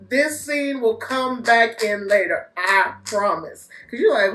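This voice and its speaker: A woman giving a casual movie review, animated and laughing, swearing freely and acting out scenes. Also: mid-range voice, moderate pace, few pauses, roomy sound, slight background noise.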